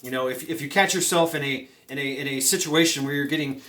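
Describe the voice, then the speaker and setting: A comedy vlogger offers mock-serious survival advice in a rambling monologue, packed with fillers, stammered restarts and deadpan conspiracy talk. His voice sits on the high side, and he talks fast with hardly any pauses.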